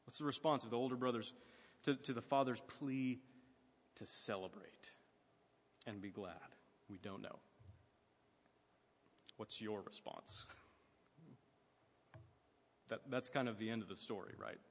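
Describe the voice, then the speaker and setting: A man's voice: mid-range voice, steady tone, moderate pace, big-room sound, a little hiss or hum. A man preaching a sermon in a conversational way, asking his listeners questions.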